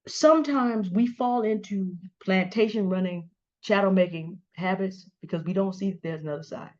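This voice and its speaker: A middle-aged woman delivers confrontational commentary straight to camera, calling people out by name in a pointed, deliberate way. Her voice sits at a middle pitch. The recording is dull and slightly lo-fi. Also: a little mellow. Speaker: commentary host. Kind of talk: direct-address commentary. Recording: dull lo-fi sound.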